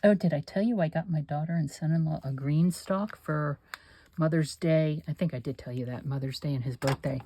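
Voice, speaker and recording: Older woman, low voice, dry close sound, rambling casual craft chat. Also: fairly quick, mellow, no echo. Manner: chatty, rambling, talks to herself while working. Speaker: craft channel host.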